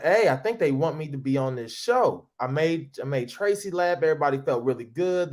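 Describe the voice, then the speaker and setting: A man in his forties from St. Louis, a comedian telling a long story in an interview, acting out other people's voices. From St. Louis, USA. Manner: lively, goofy, acts out quoted voices with big pitch jumps.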